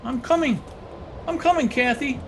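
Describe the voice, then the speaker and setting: Man playing a harsh brooding master, curt, gruff, gravelly, radio drama, faint noise. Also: medium pitch, expressive, moderate pace, a bit bright. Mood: frantic. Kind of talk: 1930s-style radio drama acting.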